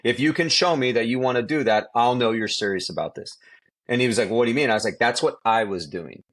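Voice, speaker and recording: A man's voice: medium pitch, quick pace. A middle-aged man, a quarterback trainer, telling stories in a casual podcast chat, emphatic and repeating himself for effect. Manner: animated storytelling, emphatic, repeats phrases.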